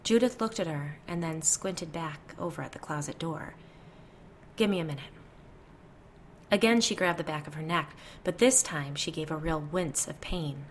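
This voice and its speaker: Woman, storyteller, first-person ghost story, measured reading, lowish pitch. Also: slight background noise. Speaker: narrator.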